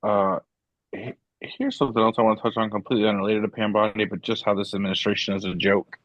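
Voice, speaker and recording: A man's voice: lowish voice, fairly even intonation, quick pace, dry recording, dull audio. A man co-hosting a casual political talk show, rambling and exasperated. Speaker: co-host.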